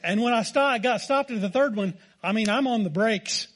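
A man's voice: sits high, fairly quick, a bit bright. A man with an American accent preaching a sermon, telling a folksy, self-deprecating story. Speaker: pastor.

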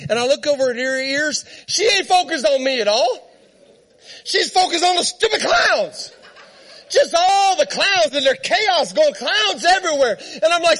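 A man preaching with a strikingly high voice that rings bright and forceful. He tells a comic story in his sermon and keeps it lively, laughing as he goes. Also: normal speed.

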